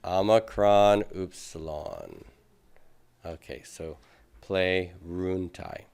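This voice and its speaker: Slow, low-voiced man teaching a class. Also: vocal fry, darkish tone, clear, resonant tone. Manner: patient, thinks aloud with many fillers, asks students questions. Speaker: Greek teacher. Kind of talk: classroom lecture.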